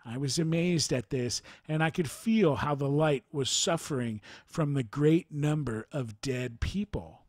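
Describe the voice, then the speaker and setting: A man narrating a near-death experience account in a formal, measured reading style. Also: a little high, dry recording, clean studio sound.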